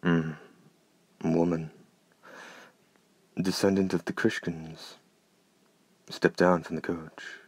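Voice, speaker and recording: A man's voice: low-pitched, level tone, slow, long pauses, husky, no echo, full character voice. A man voicing a gloomy, courtly night stalker. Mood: moved, exultant. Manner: soft, courtly, menacing. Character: gloomy, gorgeous-voiced male night stalker. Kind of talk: audiobook character reading.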